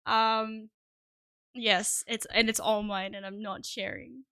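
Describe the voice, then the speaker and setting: Bright-voiced woman streamer, slow and scattered. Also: medium pitch, fairly even intonation, no echo, studio quality. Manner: scattered, self-deprecating, swears often. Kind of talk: casual live-stream chat.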